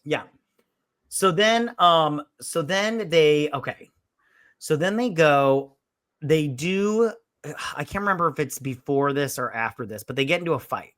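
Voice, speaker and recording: A man's voice: a little high, animated, measured pace, a bit bright, no echo, clean studio sound. A man hosting a casual movie review podcast, retelling a plot in a rambling, profane way. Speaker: podcast host.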